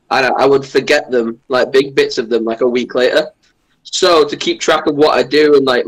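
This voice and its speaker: A man's voice: medium pitch, poor audio. Chatty young man with a Northern English accent. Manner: chatty, rambling with many "like" fillers. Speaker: podcast guest, YouTuber. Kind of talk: casual interview. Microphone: remote call over Discord.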